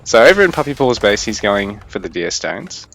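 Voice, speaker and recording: A man's voice: fairly low pitch, normal speed, gravelly, soft background music. Laid-back man casting a game. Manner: chatty, thinking aloud, fairly even delivery. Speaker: esports caster. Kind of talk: casual live game commentary.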